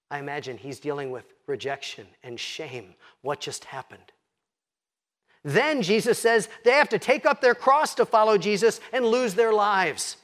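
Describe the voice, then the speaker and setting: A man preaching a sermon as pastor, slowing down and dropping to a hush when quoting scripture. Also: sits high. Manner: expressive, slows and drops to a hush for quoted scripture.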